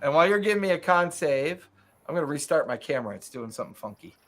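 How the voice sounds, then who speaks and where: A man's voice: on the high side, lively intonation, quick pace, a bit bright. Man narrating a tabletop game. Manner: casual, laughing, rambling narration. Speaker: game master. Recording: faint music behind.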